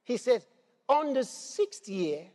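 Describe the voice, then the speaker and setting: A man preaching a sermon in an animated way, laughing and raising his voice to shouts. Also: very high voice, slow pace. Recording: long hall reverb with faint music.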